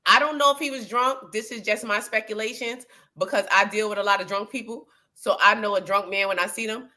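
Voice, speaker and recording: A woman co-hosting a casual chat show, blunt, profane and animated. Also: mid-range voice, brisk. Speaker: podcast co-host.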